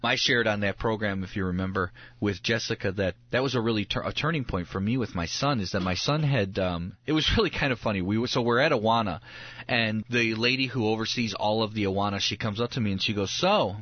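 A man's voice: fairly low pitch, brisk, dry recording, lo-fi sound. A man in his thirties, a pastor, talking earnestly on a radio show and acting out quotes as he tells his stories. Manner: earnest, animated storytelling with acted-out quotes. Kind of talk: radio talk show guest.

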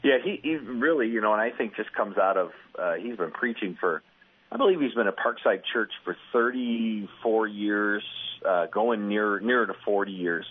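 A man telling stories in a relaxed radio conversation, lively and acting out quotes with a chuckle. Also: on the low side, moderate pace, slightly rough. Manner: animated storyteller, acts out quotes with laughs. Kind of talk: conversational radio chat, storytelling. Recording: phone-like radio broadcast audio.

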